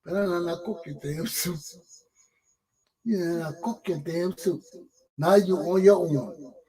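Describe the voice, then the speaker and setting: A man hosts a talk show and gives heated political commentary. His voice sits high for a man. He talks bluntly, swears freely and hammers the same words over and over. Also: slow, dark tone, low-quality recording. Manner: blunt and profane, repeats words, laughs often.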